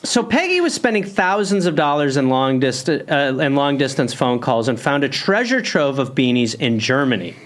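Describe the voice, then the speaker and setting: A man's voice: medium pitch, moderate pace, few pauses. A man in his forties, a comedy podcast host telling a story with jokes and quotes read aloud. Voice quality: animated, jokey, reads quotes aloud. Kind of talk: comic storytelling.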